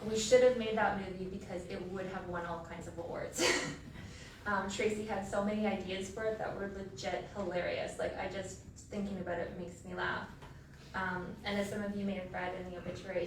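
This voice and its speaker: A woman's voice: mid-range voice, distant mic. A woman, the sister of the deceased, giving a eulogy in a funeral home chapel. She tells funny personal stories in a chatty, casual way, full of filler words. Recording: echoey hall, voice from afar, room noise.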